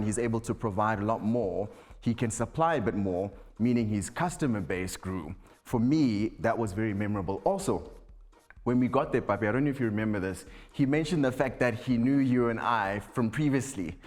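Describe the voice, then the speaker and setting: A man's voice: medium pitch, big-room sound. A man co-hosting a talk show in an easygoing, conversational way. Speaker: co-host.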